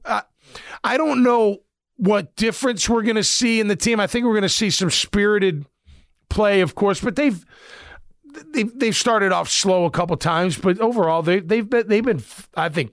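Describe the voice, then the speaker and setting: Middle-aged ex-football guy ranting about his team, high voice, dry close sound, lots of ums. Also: moderate pace, no room sound. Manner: blunt, rambling, lots of fillers. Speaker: former football player turned commentator. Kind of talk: casual sports commentary.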